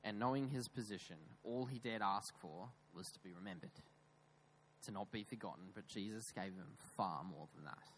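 A man preaching a sermon in a church, emphatic, with raised stresses that drop into quiet, low asides. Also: normal speed, slight background noise, low-quality recording. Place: church with screens.

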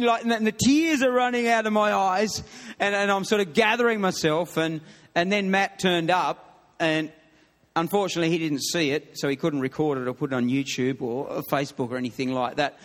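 Middle-aged guy preaching, high voice, chatty and laughing, long hall echo. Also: fairly bright tone. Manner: chatty, laughs often, many restarts. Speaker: pastor. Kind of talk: sermon with humorous story. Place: church hall.

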